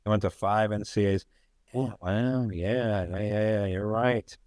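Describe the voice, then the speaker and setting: A man's voice: fairly low pitch, a little slow, darkish tone, dry recording, studio quality. A man hosting a podcast in casual sports chat, rambling and wry with sarcastic asides. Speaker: podcast host.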